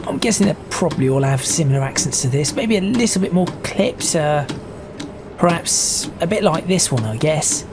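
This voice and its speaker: A man's voice: a little high, animated, moderate pace. Man, casual gameplay host, stop-start chatter, train noise underneath. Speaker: gaming video host. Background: train sim game noise.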